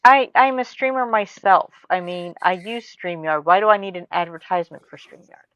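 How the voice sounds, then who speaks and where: A woman's voice: lowish voice, normal speed, fairly bright tone, clean tone, dry recording, muffled recording. A woman streamer chatting casually with friends on a livestream, talkative and opinionated. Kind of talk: casual group chat on a livestream.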